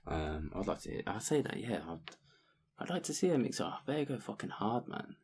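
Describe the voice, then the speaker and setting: A man co-hosting a podcast in relaxed, casual chat, swearing and saying "bro" often, with lots of ums. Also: fairly low pitch, moderate pace, slight background noise. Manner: laid-back, swears, frequent ums and "bro". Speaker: podcast co-host.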